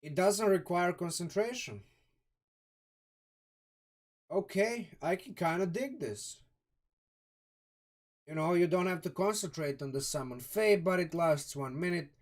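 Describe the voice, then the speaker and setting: Man from Croatia, slightly high voice, live streamer mulling over rules out loud, relaxed and rambling. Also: a little slow, long pauses. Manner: thinking aloud, many restarts and "um"s, chatty asides to viewers. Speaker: streamer reviewing a game sourcebook. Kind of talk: live-stream casual commentary.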